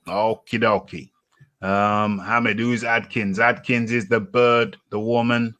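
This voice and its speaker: A man's voice: on the low side, steady tone, a little slow, fairly bright tone. A British man hosting a live boxing talk stream, rambling and repeating his phrases with plenty of fillers. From United Kingdom. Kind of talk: casual live-stream chat.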